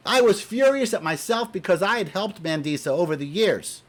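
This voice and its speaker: High-voiced man ranting angrily. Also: expressive, normal speed, hardly any pauses. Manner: profane, exasperated, repeats himself when angry; shifts between loud outbursts and muttered asides. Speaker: video blogger. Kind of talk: heated opinion rant to camera.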